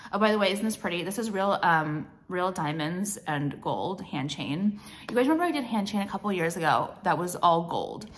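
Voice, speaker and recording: Young female vlogger, chatty and profane, meandering delivery with lots of fillers. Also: lowish voice. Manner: blunt, profane, rambling with many fillers. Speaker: vlogger and jewelry brand owner. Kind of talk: casual chatty vlog.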